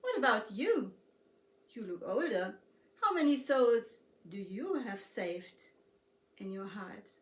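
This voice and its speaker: A woman with a German accent voicing a gentle, wise little girl who speaks slowly and calmly in a soft voice. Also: a little high. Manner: soft, slow and calm. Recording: roomy echo, distant mic.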